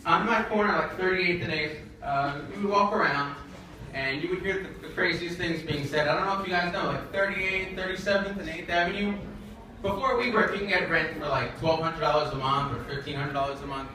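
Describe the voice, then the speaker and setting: A young man doing a stand-up comedy set, telling stories in a rambling, halting way full of fillers, with an audience laughing. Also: fairly high pitch, fairly even intonation, background noise. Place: comedy event in a shared office space. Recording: echoey room from far off, audience laughter.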